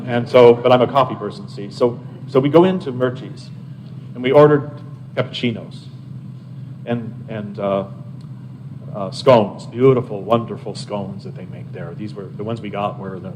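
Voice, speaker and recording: An older man, an abbot, telling lively personal anecdotes to a live audience and chatting with his listeners as he goes. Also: fairly low pitch, normal speed, a little hiss or hum, low-quality recording. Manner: animated anecdotal storyteller, chats with listeners.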